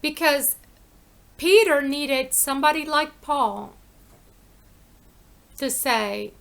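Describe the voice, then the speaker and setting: Slow-speaking high-voiced woman preacher. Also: creaky, a bit bright. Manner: emphatic, repeats phrases, asks and answers questions. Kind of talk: informal sermon.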